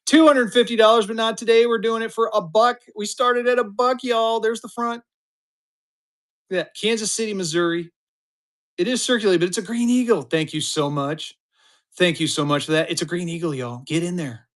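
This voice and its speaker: Chatty live-stream auction seller, man in his fifties, high-pitched, hypes every bid. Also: normal speed, a bit bright. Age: 50s. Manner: chatty, upbeat, hypes the bids.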